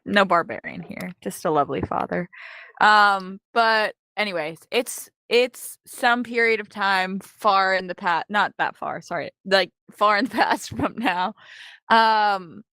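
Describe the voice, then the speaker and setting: A young woman co-hosting a casual chat, telling a rambling story full of fillers and quick laughs. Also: mid-range voice, bright, forceful tone, no room sound. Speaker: co-host.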